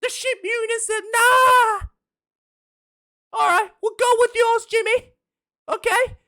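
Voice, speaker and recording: A man doing a gushing falsetto rugby official. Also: steady tone, slow pace, bright, forceful tone, exaggerated voice. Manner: falsetto, gushing, says mate a lot. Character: gushing excitable male rugby board official. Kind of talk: comic impression in a vlog rant.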